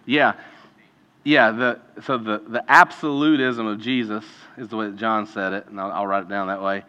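A man's voice: fairly low pitch, steady tone, normal speed, smooth. A man preaching a conversational sermon as a pastor, talking casually and then building to emphatic peaks. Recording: dull lo-fi sound with long hall reverb.

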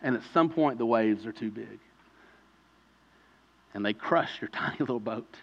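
A man preaching a sermon in a conversational way, telling vivid stories and building to loud pleading peaks. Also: medium pitch, moderate pace, gravelly, dull audio. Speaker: pastor.

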